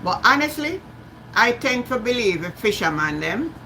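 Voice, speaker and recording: A woman's voice: fairly high pitch, big pitch swings, moderate pace, bright, forceful tone, slight background noise, low-quality recording. A Jamaican woman hosting a live stream, chatting casually, greeting viewers by name and slipping into patois. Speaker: livestream host.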